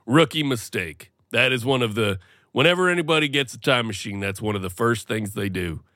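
A man co-hosting a podcast, teasing his partner in a mock-formal, deadpan way. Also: medium pitch, a little fast, no echo, studio quality. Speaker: podcast co-host. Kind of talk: casual comedic chat.

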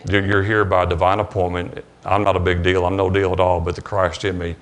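Low-voiced preacher, plain-spoken. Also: male voice, level tone, fairly quick. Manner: plain-spoken storytelling, clears throat often. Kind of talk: conversational sermon. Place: church service.

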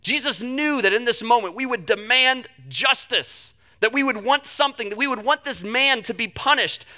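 A young man preaching a sermon, telling the story with animated delivery and acting out the quoted voices. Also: extremely high pitch, moderate pace. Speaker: pastor.

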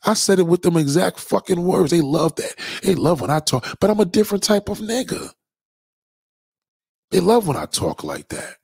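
A man's voice: high voice, sing-song, moderate pace, creaky, darkish tone, husky, no room sound, clean studio sound. A man hosting a blunt, profane ranting monologue to his viewers. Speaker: host.

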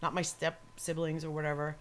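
A woman's voice: low-pitched, monotone, brisk, fairly bright tone. A woman in casual chat as a co-host, rambling and opinionated, swearing freely and laughing often. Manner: laughs often while talking.

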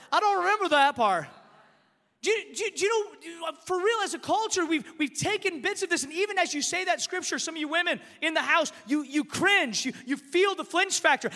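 A male pastor preaching a sermon with passion, swinging between forceful declarations and hushed, quiet passages. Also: very high voice. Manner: impassioned preaching, rising and dropping to a hush. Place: church hall with long reverb. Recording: reverberant hall sound.

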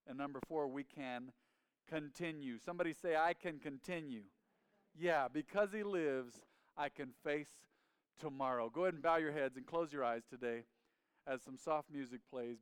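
A man's voice: medium pitch, moderate pace, clean tone, no echo. Resonant male pastor preaching with fervor. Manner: emphatic call-and-response preaching, leading the congregation in repeating phrases. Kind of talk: sermon. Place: church sanctuary.

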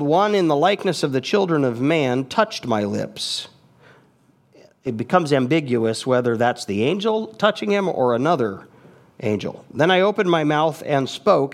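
A man in his fifties, a pastor, preaching a sermon with expressive, emphatic rises and asides. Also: a little high. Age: 50s. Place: church sanctuary.

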